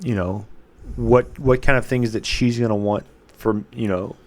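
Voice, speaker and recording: A man's voice: mid-range voice, fairly even intonation, measured pace. A man co-hosting a podcast in easygoing casual chat. He jokes a lot and rambles, restarting his sentences often. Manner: joking, rambling with repeated restarts. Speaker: podcast co-host.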